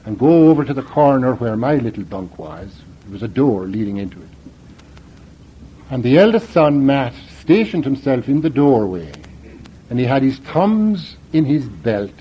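A man's voice: mid-range voice, a little hiss or hum. An older Irish man, a priest, telling a personal story in a dramatic, emphatic way, heard in a dull lo-fi recording.

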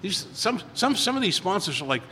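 A man's voice: sits high, very animated, brisk, bright, forceful tone, long reverb tail, slight background noise. A man in recovery telling stories at a meeting, rambling and repeating words as he acts out quotes in a casual way. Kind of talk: casual storytelling talk.

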